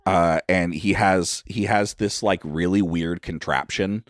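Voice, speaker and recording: A man's voice: low-pitched, steady tone, a little slow, no room sound, clean studio sound. A man narrating a tabletop game as game master, casual and rambling.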